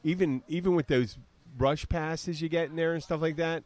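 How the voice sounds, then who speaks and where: A man's voice: on the high side, steady tone, moderate pace, a little mellow. A man in his fifties hosting a podcast in casual chat, rambling with restarts and fillers. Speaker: podcast host.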